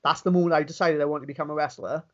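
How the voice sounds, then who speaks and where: A Welsh man, a professional wrestler, telling stories in a casual interview, animated and quick with many restarts. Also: a little high, highs cut off. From Wales.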